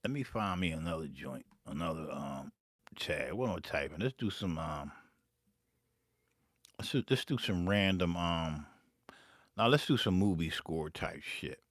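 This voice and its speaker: A man's voice: low voice, unhurried, long pauses, no echo, studio quality. A man chatting casually while making beats live, rambling and profane. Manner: profane, rambling, animated storyteller. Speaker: beatmaker streaming live.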